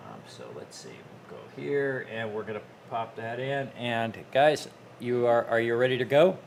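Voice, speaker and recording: A man hosting a relaxed live stream, rambling along with plenty of fillers and restarts. His voice sits at an ordinary middle pitch, and steady noise hums behind him throughout. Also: moderate pace, creaky, low-quality recording. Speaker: host. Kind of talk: casual live-stream chat.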